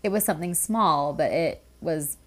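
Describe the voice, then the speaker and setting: Female podcast co-host, casual storyteller, acts out quotes, slightly low voice. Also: moderate pace. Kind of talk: casual chat.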